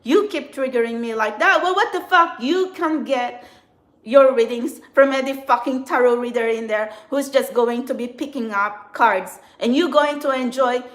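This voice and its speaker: Woman tarot vlogger, high voice, heated swearing rant, echoey room. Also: moderate pace, fairly bright tone. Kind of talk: angry ranting monologue.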